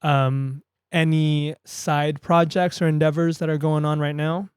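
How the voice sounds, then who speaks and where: A man's voice: on the high side, little pitch movement, unhurried, smooth, no room sound, studio quality. A man hosting a casual podcast, asking his producer curious follow-up questions. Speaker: podcast host. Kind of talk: casual interview chat.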